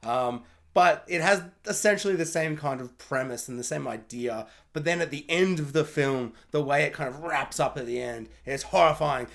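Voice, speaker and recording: Man, fairly high voice, casual film review, rambling, full of "like", questioning. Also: vocal fry, sharp tone. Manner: rambling, lots of "like", rapid questions.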